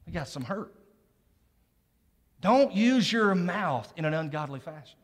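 A man's voice: high voice, animated, unhurried, pauses often. A middle-aged male pastor preaching a sermon in a church, conversational and joking with the congregation between scripture readings. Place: church sanctuary. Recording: long hall reverb.

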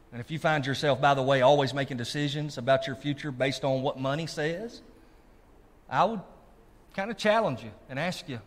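Guy preaching in a big echoey church, keeps asking y'all listening. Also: medium pitch. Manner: animated preacher, asks the congregation if they are listening. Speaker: pastor. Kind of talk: sermon. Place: church sanctuary. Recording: long reverb of a large hall.

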